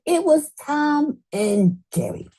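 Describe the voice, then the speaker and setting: A woman's voice: high voice, big pitch swings, takes it slowly, mellow. A woman in casual podcast chat, dramatic and mock-indignant.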